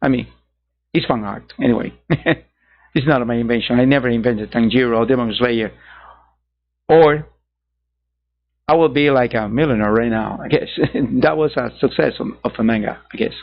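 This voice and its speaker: A man's voice: mid-range voice, moderate pace, vocal fry, pauses often. Rambling male art-channel host, dull sound. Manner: rambling, self-correcting, chuckling asides. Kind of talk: casual talk to viewers.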